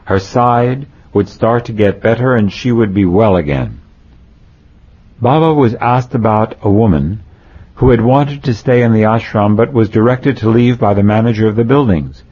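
A man slowly reading a spiritual memoir aloud, marking quotes as he goes. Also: lowish voice, a little mellow, breathy edge. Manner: slow, deliberate reading, says "quote" and "end quote". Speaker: narrator. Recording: dull lo-fi recording.

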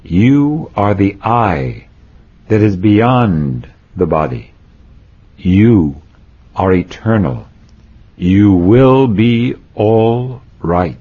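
A man reading aloud, voicing a serene, gentle male guru who speaks slowly and soothingly. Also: lowish voice, lively intonation, husky, full character voice. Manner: slow, soothing, measured. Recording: dull lo-fi recording.

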